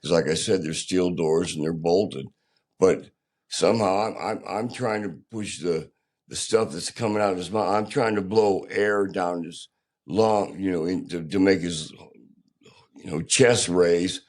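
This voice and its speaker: An older man, a podcast guest, telling his own story candidly in a plainspoken, halting, rough-edged way. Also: deep voice, darkish tone.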